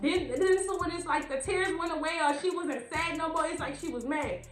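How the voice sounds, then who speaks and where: A woman's voice: very high voice, a little fast. A young woman from Louisiana, telling a story in a casual vlog and acting out the voices in it. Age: young adult. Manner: animated, acts out the voices in her story. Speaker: vlogger. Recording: roomy echo, faint background beats.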